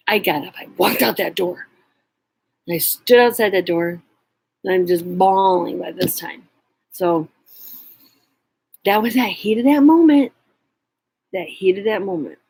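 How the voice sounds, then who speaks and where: A woman's voice: medium pitch, unhurried, gravelly, pauses often, breathy edge, dry recording, rough recording. A middle-aged woman vlogger telling a personal story, earnest and emotional, sometimes dropping to near whispers.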